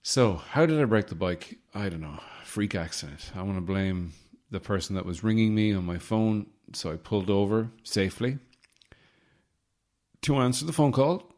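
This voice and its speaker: Deep-voiced man rambling on a podcast. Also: moderate pace. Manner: rambling, deadpan joking asides. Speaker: podcast host. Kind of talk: casual solo podcast chat. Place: home in the city centre.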